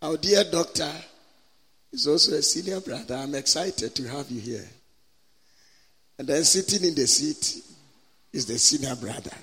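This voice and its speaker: A man preaching as a guest speaker at a church conference, leading prayer and having the congregation repeat scripture after him with an impassioned, drawn-out cadence. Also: a little high, lively intonation, pushed and bright, breathy edge. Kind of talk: sermon with prayer and call-and-response. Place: large church hall. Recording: long hall reverb.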